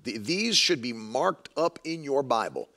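Man, preacher, sermon, emphatic, repeats for stress, gravelly. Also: medium pitch, very animated, measured pace, bright, forceful tone. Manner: emphatic, repeats lines for stress, quotes others in mocking voices.

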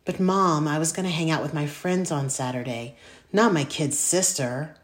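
A woman's voice: deep voice, normal speed, natural voice. Woman doing a grumbling teenage brother. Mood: reluctant. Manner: whiny, reluctant. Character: reluctant teenage boy, grumbling older brother.

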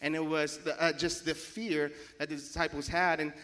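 Chatty guy hosting a church talk, bright tone, lots of restarts. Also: on the high side, little pitch movement, normal speed. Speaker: host. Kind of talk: casual church discussion.

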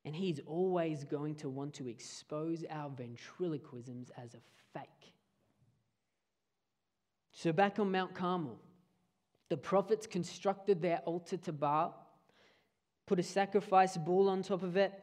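A man preaching a sermon, earnest, often dropping his voice low for emphasis. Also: fairly even intonation, unhurried, darkish tone.

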